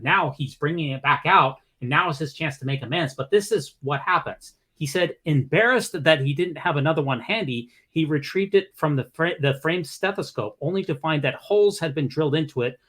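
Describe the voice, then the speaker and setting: A man with a slightly high voice hosts a casual news podcast. He reads articles aloud and comments on them, often restarting his sentences. His delivery is loose and conversational. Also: lively intonation, a bit bright, breathy edge. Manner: halting, repeats words and restarts while reading articles aloud. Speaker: podcast host.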